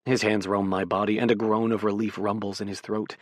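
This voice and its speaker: A man narrating a first-person romance audiobook in a soft, intimate, unhurried way, close to a studio mic in a recording booth. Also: fairly low pitch, level tone, no room sound.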